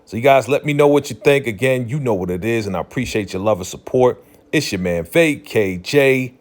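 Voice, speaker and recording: A man's voice: medium pitch, expressive, fairly quick. A man giving a casual, chatty recap of a TV episode, loose and full of slang and "you know" fillers. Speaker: TV recap channel host.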